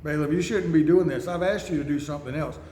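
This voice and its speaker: A man voicing God as a stern, disappointed male figure, speaking slowly and measured, in an echoey room. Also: on the high side, warm tone, lightly acted. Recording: echoey room, faint noise.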